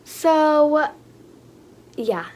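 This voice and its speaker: A young woman excitedly unboxing toys for her vlog, gushing and gasping with lots of fillers. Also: high voice, extremely slow. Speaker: vlogger.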